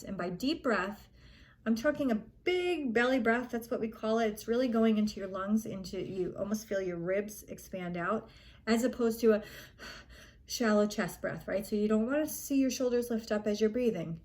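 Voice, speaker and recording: A young adult woman with a medium-pitched, slightly mellow voice gives casual coaching advice to young gymnasts. Speaking earnestly, she reassures them and acts out an athlete's panicked thoughts.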